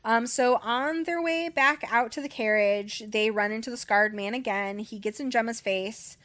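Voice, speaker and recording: A woman's voice: fairly high pitch, normal speed, fairly bright tone. Woman rambling thru a book recap, lots of um and like, swears now and then, casual chat. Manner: rambling, full of "um" and "like". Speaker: book club podcast host.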